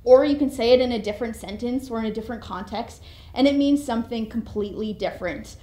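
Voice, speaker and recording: A young millennial woman preaching a sermon in a chatty, conversational way with lively asides. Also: on the high side, quick pace. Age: young adult. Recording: echoey room.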